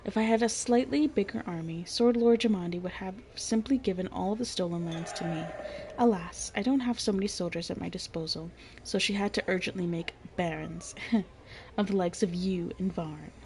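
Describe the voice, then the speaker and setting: A woman reading an arrogant male baron, dark-toned. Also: medium pitch, normal speed, slight background noise, close to an everyday voice. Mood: haughty. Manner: scornful, condescending.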